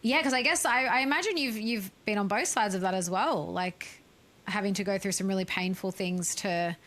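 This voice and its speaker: A woman co-hosting a podcast, asking searching questions gently with many fillers. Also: mid-range voice, moderate pace. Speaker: podcast co-host. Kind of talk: casual podcast conversation.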